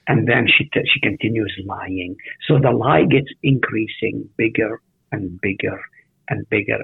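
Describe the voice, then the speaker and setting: A man's voice: on the low side, gravelly, slightly rough, dry recording. A man teaching a Bible study, asking his listeners questions as he goes through the text. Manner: animated, asks the listeners questions. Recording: tinny phone-like radio audio.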